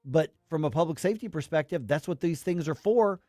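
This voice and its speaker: Male radio host, mellow warm voice, dry studio sound, emphatic opinion talk. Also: a little high, animated, fairly quick, dry recording, faint music behind. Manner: emphatic, rambling opinion with acted quotes.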